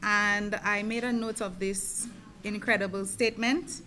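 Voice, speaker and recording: A woman's voice: mid-range voice, fairly even intonation, a little slow, bright, forceful tone, a little hiss or hum. A woman emceeing a ceremony, thanking the speaker and announcing the next item. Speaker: master of ceremonies.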